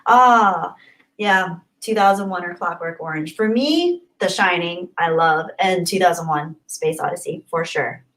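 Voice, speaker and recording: A woman's voice: lowish voice, measured pace, a bit bright, poor audio. A young woman hosting a livestream, reading chat messages in a bubbly, effusive way and often laughing. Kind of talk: casual live-stream chat.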